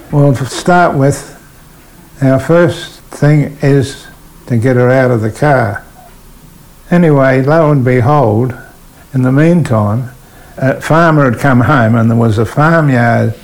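A man's voice: mid-range voice, a little slow, low-quality recording. Older Australian man spinning yarns. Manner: animated yarn-spinner, voices people in his stories. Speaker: retired train driver. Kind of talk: oral history interview storytelling.

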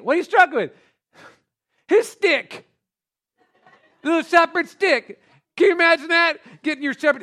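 A male pastor preaching a sermon, animated and joking, calling out to the congregation. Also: very high voice, normal speed.

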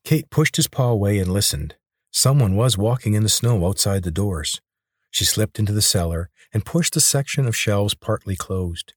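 A husky man with a low voice reads a novel aloud in a steady, measured way. The recording is close and dry, with no room sound. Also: dry recording. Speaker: audiobook narrator. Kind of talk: scripted narration of a novel.

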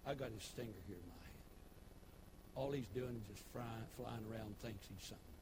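A man preaching a sermon, folksy storytelling that builds into shouted preaching. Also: mid-range voice, brisk, background noise. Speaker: pastor. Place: church.

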